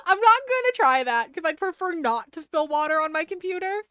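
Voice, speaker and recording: A young woman with a very high voice streams a game, chatting casually, swearing, and joking at her own expense. She's animated and self-mocking, laughing often through her live-stream commentary. The recording is dry, with clean studio sound.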